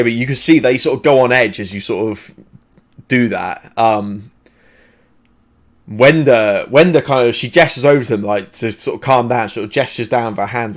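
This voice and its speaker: Man, game master, tabletop narration, hesitant, restarts a lot, middling pitch. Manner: hesitant, many fillers and restarts.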